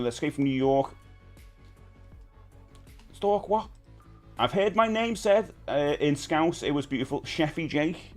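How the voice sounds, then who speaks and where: A British man in his 50s hosts a casual live stream, chatting with viewers in a rambling, friendly way. His voice is fairly low in pitch with a darkish tone.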